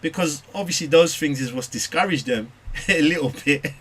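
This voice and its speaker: A man from England, a parent, telling a Bible study group about his children in a lively, animated way, acting out their voices. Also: a little high, normal speed, husky. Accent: British English. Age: adult parent. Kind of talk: casual group discussion.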